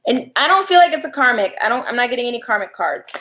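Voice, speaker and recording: A woman's voice: fairly high pitch, big pitch swings, fast, noisy background. Chatty woman reading tarot live. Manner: chatty, laughs often, talks to viewers. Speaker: tarot reader.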